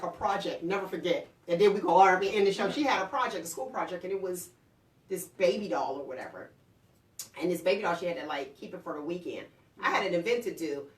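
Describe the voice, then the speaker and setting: A woman hosting a casual talk show, telling lively stories about her children and acting out their lines. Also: fairly low pitch, far from the mic. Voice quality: lively storyteller, acts out quotes. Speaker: host. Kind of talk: casual chat. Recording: roomy, off-mic.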